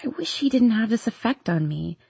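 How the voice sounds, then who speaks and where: A woman reading a first-person romance story aloud in a soft, intimate manner. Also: fairly high pitch, lively intonation, fairly quick, creaky, husky, no room sound. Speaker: audiobook narrator.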